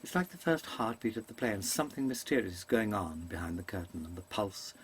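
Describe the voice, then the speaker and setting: A man's voice: lowish voice, animated, fairly quick, slight background noise. A man performing a rambling, digressive theatrical monologue to a webcam, hesitating often and correcting himself in mannered stage diction. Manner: digressive, hesitant, full of ums and self-corrections. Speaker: actor giving a comic monologue.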